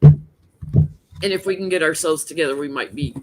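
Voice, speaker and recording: A woman hosting a casual live tarot stream, talking in a relaxed, rambling way with frequent fillers. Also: deep voice, normal speed. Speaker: tarot reader and show host.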